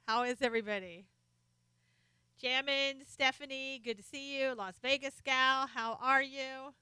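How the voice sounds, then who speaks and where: Bright, chatty woman hosting a live stream. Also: high-pitched, clear, resonant tone, dry recording. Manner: chatty, reads out viewer names and comments. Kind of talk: casual live stream chat greeting viewers. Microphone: desk microphone, sometimes off-axis.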